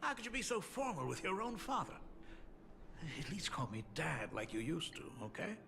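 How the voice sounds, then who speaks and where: An actor playing a teasing, wry middle-aged father, speaking in a gravelly voice in a game scene. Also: fairly high pitch, big pitch swings, bright, forceful tone, a little hiss or hum, full character voice. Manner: wry, mocking, drawn-out.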